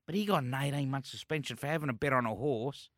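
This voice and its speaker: A man's voice: medium pitch, fast talker, dry recording, studio quality. An Australian man co-hosting a racing radio show, arguing his opinions with heat. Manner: animated, heated opinions. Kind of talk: casual radio banter. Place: radio studio.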